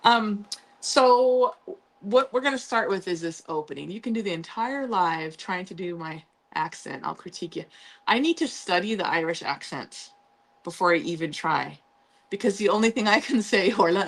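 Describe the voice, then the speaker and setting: A woman's voice: fairly low pitch, vocal fry, slightly rough. A woman hosting a casual live sewing tutorial, chatty and upbeat, with frequent ums and playful asides to her viewers. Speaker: sewing channel host.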